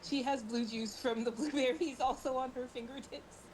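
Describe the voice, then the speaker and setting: A woman's voice: sits high, fairly even intonation, normal speed, a little mellow, slight background noise, poor audio. A woman playing a tabletop game, narrating her character's actions and laughing easily. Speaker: player. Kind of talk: casual tabletop game chat.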